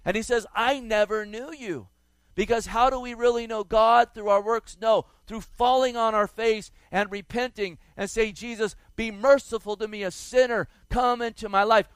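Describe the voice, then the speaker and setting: High, clear-voiced male preacher, dry sound. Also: no echo. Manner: emphatic, lays stress on key words and repeats them; quotes scripture in a raised, dramatic voice. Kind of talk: sermon.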